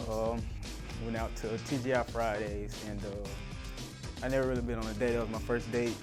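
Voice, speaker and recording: A man telling a personal story to camera in relaxed, halting storytelling. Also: mid-range voice, over music.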